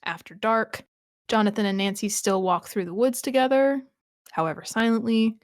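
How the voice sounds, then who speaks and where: A woman chats on a rewatch podcast in a mid-range voice, recapping scenes and musing aloud with quick restarts and laughs. Her voice sits close and dry on the mic, with no room sound around it. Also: medium pitch, no room sound. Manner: chatty, thinking aloud with frequent restarts and laughs. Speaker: podcast co-host. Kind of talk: casual rewatch podcast chat.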